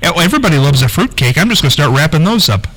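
A man's voice: on the high side, big pitch swings, very fast, fairly bright tone, soft background music. A man hosting on radio, joking and teasing his co-hosts in casual banter. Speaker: radio host. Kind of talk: on-air banter.

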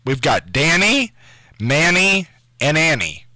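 A man's voice: fairly high pitch, sing-song, slow, pushed and bright, dry recording, poor audio. A man hosting a call-in radio quiz show from a station studio, taking callers and spelling out names letter by letter.

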